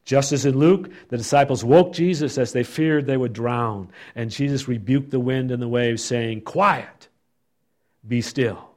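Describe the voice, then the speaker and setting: A man teaches a Bible study in an ordinary mid-range voice. He reads scripture expressively and pauses to reflect on it. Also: mid-range voice, mellow.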